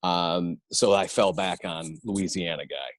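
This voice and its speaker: Man, middle-aged, improv teacher, animated, low voice, dry recording. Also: a little slow, dry recording. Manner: animated, laughs often, slips into voices. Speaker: improv instructor, guest. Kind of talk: casual podcast interview.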